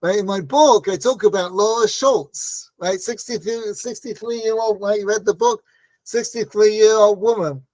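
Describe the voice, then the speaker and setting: A man's voice: sits high, fairly even intonation, unhurried, a little mellow, no echo. A man teaching a Torah class, telling stories in a conversational way with frequent "right?" asides and acted-out quotes. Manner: acts out quoted voices in stories.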